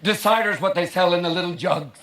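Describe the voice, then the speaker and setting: A man doing a stand-up routine, manic and jumping into shouted character voices on a theater stage. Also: high voice, brisk, heavy background noise. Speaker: stand-up comedian. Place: large theater stage with audience. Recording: echoey live theater recording, loud crowd.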